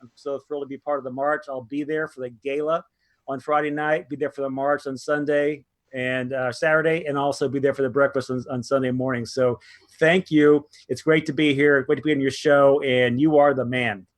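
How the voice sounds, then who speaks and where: A man in his sixties answering as an interview guest, friendly and easygoing, telling his story in a steady way. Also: mid-range voice, fairly quick, no echo.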